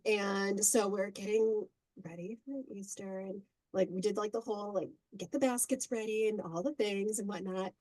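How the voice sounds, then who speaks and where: A middle-aged woman, a podcast guest, telling family stories in a casual, animated way with frequent laughter. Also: mid-range voice, moderate pace, no echo, poor audio. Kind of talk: casual storytelling.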